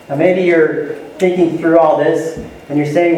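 A male pastor preaching an earnest teaching sermon, slowing down to spell out key words. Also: fairly high pitch, fairly even intonation, a little mellow, reverberant, a little hiss or hum, rough recording. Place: church sanctuary.

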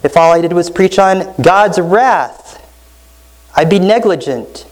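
Slow, emphatic preaching man. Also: high-pitched, lively intonation, poor audio. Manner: earnest, emphatic preaching with deliberate slow stresses. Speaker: pastor. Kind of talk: sermon.

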